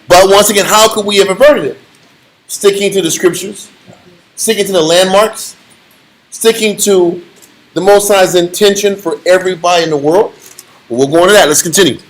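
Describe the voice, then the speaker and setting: Animated high-voiced man teaching scripture. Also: normal speed, long pauses, rough recording. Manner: animated storytelling, slangy, laughs often. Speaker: bible study teacher.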